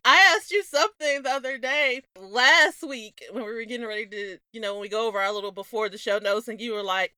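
A woman's voice: on the high side, fairly quick, hardly any pauses, bright, forceful tone, clean tone, no echo, studio quality. A Southern woman co-hosting a podcast in casual chat, giggly and chatty, with a Southern accent. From American South. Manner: giggly, chatty, laughs often. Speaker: podcast co-host.

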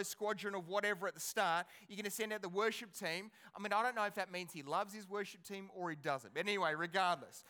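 A male pastor preaching a sermon in an animated, conversational way, asking his congregation rhetorical questions. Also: high-pitched, clear, resonant tone.

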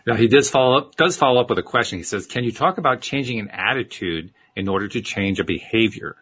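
A man's voice: lowish voice, animated, fast, fairly bright tone, slightly rough. A man hosting an interview, reading out viewer comments and questions in an upbeat way. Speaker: show host.

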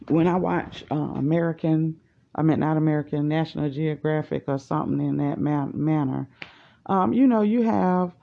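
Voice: mid-range voice, vocal fry, mellow. A podcaster in their forties, talking at work in a casual, rambling monologue and thinking aloud. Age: 40s. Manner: slow, unhurried, thinking aloud. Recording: dull lo-fi voice message.

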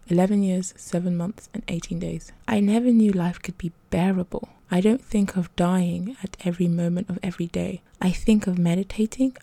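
A woman reading a story aloud softly, often half in a whisper. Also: lowish voice, vocal fry, no room sound. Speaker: narrator.

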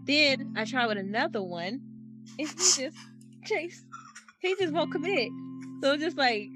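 A woman's voice: sits high, lively intonation, measured pace. A woman co-hosting a podcast, talking earnestly and passionately in casual chat about her own experiences. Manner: earnest and self-reflective, gets passionate. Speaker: podcast co-host. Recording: guitar music playing behind.

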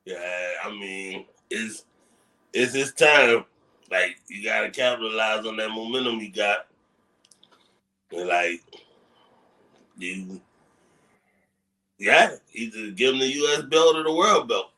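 A man's voice: lowish voice, slow, long pauses, sharp tone, rough recording. A man co-hosting a casual wrestling podcast, giving laid-back, short replies. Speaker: podcast co-host.

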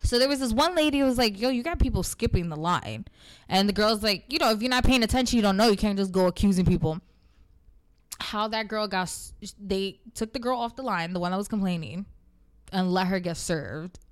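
Picture a woman telling a long story in casual chat, with middle-pitched talk. She swears freely and acts out what everyone said. The delivery is lively and blunt. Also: fairly quick.

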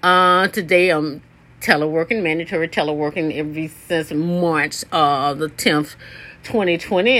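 Bright-voiced woman in her sixties, blunt. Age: 60s. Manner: blunt, profane, wanders between topics; sudden jumps up in pitch for emphasis. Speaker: podcast host. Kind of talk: casual rambling monologue.

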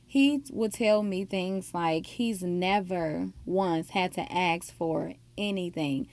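A woman's voice: fairly low pitch, takes it slowly, few pauses, a little mellow. A woman telling a personal faith story in an earnest, heartfelt way. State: emotional, near tears.

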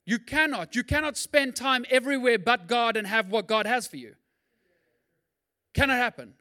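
A man pastor preaching a sermon in a conversational way, swinging between loud and hushed. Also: very high-pitched, animated, normal speed.

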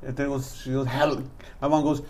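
A man's voice: mid-range voice, little pitch movement, moderate pace, darkish tone. A man in casual chat, swearing and calling his friend bro and dog. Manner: profane, slangy, says bro and dog.

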